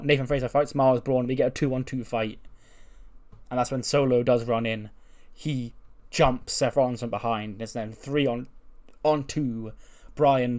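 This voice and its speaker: A man's voice: mid-range voice, darkish tone. A man casually recapping a wrestling simulation run, chatty, laughing and swearing, often restarting mid-sentence. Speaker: game commentator. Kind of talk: casual let's-play recap.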